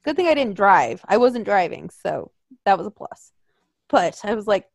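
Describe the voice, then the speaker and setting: A woman's voice: mid-range voice, very animated, moderate pace, gravelly, no room sound, studio quality. A young woman telling a story in casual chat, swearing often and acting out quotes in voices.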